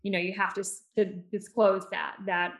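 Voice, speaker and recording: A woman speaking as a podcast guest and speech therapist, telling stories in an animated way with many fillers and restarts. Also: mid-range voice, normal speed, vocal fry. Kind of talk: conversational storytelling.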